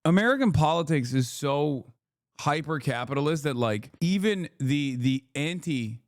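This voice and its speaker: A man's voice: fairly high pitch, expressive, normal speed, no echo, clean studio sound. A male streamer giving sarcastic, profane commentary in a casual live-stream style.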